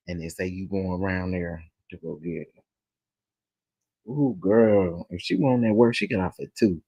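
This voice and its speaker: Gravelly-voiced man chatting dramatically to viewers. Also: deep voice, normal speed, no room sound, poor audio. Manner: animated, dramatic exclamations, talks to the audience. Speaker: commentary channel host. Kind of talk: casual chat to viewers.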